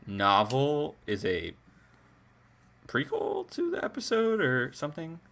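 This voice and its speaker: A man co-hosting a podcast, chatting casually and reacting with animated exclamations. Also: on the high side, slow pace, vocal fry. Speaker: podcast co-host. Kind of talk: casual excited chat.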